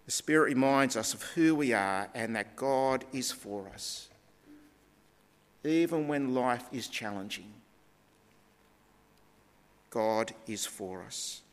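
Man, preacher, sermon, slow deliberate delivery, emphatic teaching tone, long hall reverb. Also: mid-range voice, expressive.

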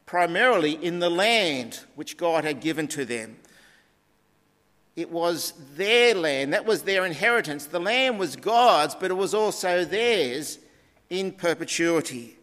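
A man delivers a sermon at an unhurried, deliberate pace, his slightly raised voice stressing key words as he teaches. A long reverb trails each phrase, as if he speaks in a large hall. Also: a little high, lively intonation, bright, forceful tone. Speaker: preacher.

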